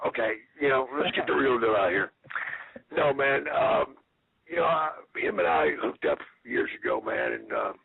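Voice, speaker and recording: A man in his fifties, a retired wrestler, giving a rambling, profane interview full of deadpan jokes. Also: mid-range voice, no echo. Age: 50s. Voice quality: gravelly, raspy. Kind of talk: casual phone interview. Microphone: phone. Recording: tinny phone line.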